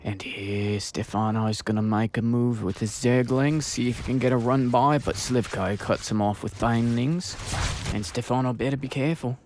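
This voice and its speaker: A man casting a game in a soft, hushed commentary voice. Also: medium pitch, steady tone, normal speed, slight background noise. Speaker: game caster. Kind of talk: quiet esports commentary.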